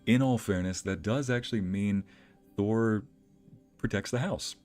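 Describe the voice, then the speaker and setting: A young adult man streaming, who tells anecdotes in a casual, animated way and laughs often. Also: fairly low pitch, a little slow, faint music behind. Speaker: streamer and narrator. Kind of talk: casual storytelling chat.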